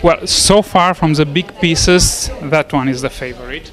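A man with a fairly high voice answers a host's questions at a gallery opening. He speaks in a measured, polite, thoughtful way. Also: fairly bright tone, soft background music. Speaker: guest at an exhibition. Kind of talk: casual interview.

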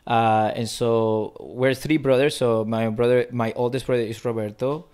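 A man's voice: medium pitch, fairly even intonation, normal speed, darkish tone, smooth. A man in his thirties from Peru, with a mixed Peruvian and Spanish accent, speaking Spanish natively, talking reflectively as a guest in a casual interview. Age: 30s. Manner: reflective, frequent restarts and fillers. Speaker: guest philosopher.

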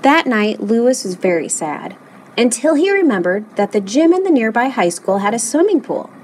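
A woman reading a children's picture book aloud in an expressive, animated way. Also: a little high, normal speed, slight background noise, rough recording. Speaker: storybook reader.

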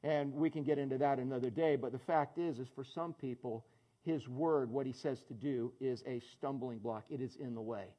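A man's voice: medium pitch, normal speed, warm tone. A man preaching a sermon as pastor, conversational and joking, calling on people in the congregation by name. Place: church in front of a congregation.

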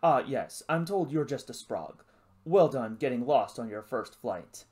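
Storybook creature: a tiny lizard with a booming posh officer's voice, brisk and bouncy in pitch, done by the reader. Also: very animated, a little mellow, close to an everyday voice. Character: talking lizard with a posh deep male voice.

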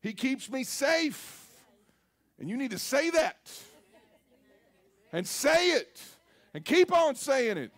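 High-voiced emphatic preacher man. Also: big pitch swings, slow pace, long pauses, fairly bright tone. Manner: emphatic, call-and-response preaching. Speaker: pastor. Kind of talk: sermon. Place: church service.

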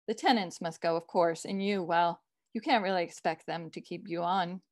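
A man's voice: sits high, fairly even intonation, normal speed, no echo, natural voice. Curt cold brother read by a woman, dry close sound, plain voice. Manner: cold, dismissive. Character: cold, scheming grown son, sweating and curt.

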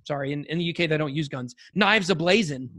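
Guy cohosting a podcast, pretty high voice, rambles and jokes around, lots of "like". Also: quick pace, pushed and bright. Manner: rambling, joking, with many restarts and "like" fillers. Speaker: podcast co-host. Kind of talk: casual podcast chat.

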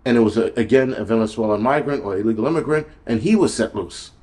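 A man's voice: medium pitch, quick pace, a little mellow. A middle-aged man, hosting his own video and ranting in a heated, profane, blunt way. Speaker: video host. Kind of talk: angry political rant.

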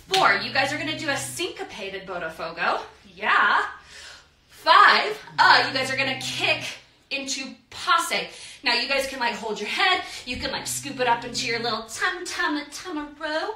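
A woman's voice: high-pitched, pushed and bright. Upbeat dance teacher lady counting out steps, kinda far from the mic, faint hiss. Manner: upbeat, counts beats aloud and chants. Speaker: dance instructor. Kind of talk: live online dance class. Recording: echoey room, voice off-mic, faint noise.

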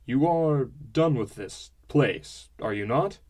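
A man voicing a hearty, showy middle-aged merchant father who talks with booming, forced cheer. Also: expressive, slow pace, a little mellow. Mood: pressing. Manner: booming, jovial, with fake cheer. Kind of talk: audiobook character voice.

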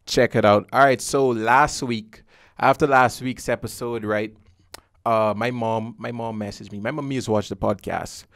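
A man from the Caribbean hosts a casual podcast, joking and teasing as he talks. His voice sits at an ordinary middle pitch. The sound is close and dry, with no room echo. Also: steady tone, normal speed, fairly bright tone. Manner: playful, joking, loose conversational delivery. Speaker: podcast host.

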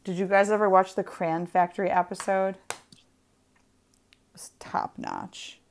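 A woman's voice: mid-range voice, fairly even intonation. A woman hosting a casual craft livestream, playful and giggly as she chats while stamping. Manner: playful, giggly, drawn-out delivery.

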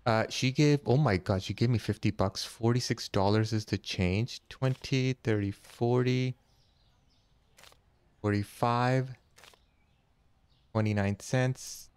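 A man hosting a casual let's-play, chatty and jokey, thinking aloud and counting money out loud as he goes. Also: medium pitch, takes it slowly, long pauses, clear, resonant tone. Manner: jokey, easily startled. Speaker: gaming channel host.

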